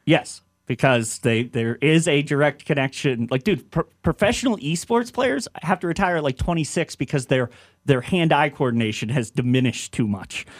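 A man in his thirties co-hosting a sports radio show, animated and laughing often as he riffs on bits. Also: a little high, normal speed. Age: 30s. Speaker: radio co-host. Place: radio studio.

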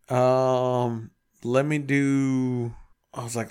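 A man's voice: medium pitch, normal speed. A man telling a rambling road-trip story in casual podcast chat, swearing freely and acting out the voices of everyone involved. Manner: profane, animated storyteller acting out dialogue.

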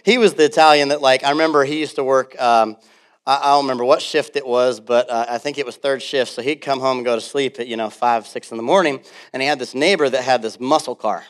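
A man's voice: medium pitch, fast talker. A man preaching a sermon as pastor, telling stories with laughter and acting out quotes. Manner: animated storytelling with laughs and acted-out quotes.

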